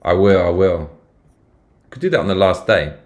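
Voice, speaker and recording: A British man hosts a casual live stream, talking in a fairly low voice. He swears freely and reacts out loud with big, lively swings in pitch. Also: moderate pace. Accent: British English. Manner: swearing, excitable, reacting aloud while reading.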